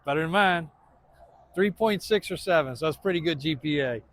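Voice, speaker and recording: A man's voice: fairly high pitch, a little fast, fairly bright tone, no room sound. A man in his thirties, a truck shop owner, rambling through a casual walkaround update of his lot, laughing often.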